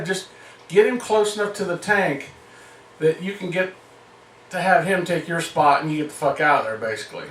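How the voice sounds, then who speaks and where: Guy with a high voice cussing and laughing through a funny story, far from the mic. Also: normal speed, fairly bright tone, echoey room. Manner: profane, laughing often. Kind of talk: casual comic storytelling.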